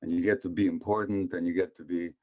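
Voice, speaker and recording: Man, 70s, from Hungary, very low voice, conversational lecture, asks the audience questions. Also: fairly even intonation, quick pace, dull audio. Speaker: physician speaker. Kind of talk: public talk on trauma.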